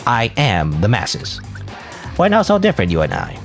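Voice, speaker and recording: A man's voice: medium pitch, wildly swooping pitch, moderate pace, soft background music. A man voicing a pompous game customer who speaks in theatrical, old-fashioned flourishes.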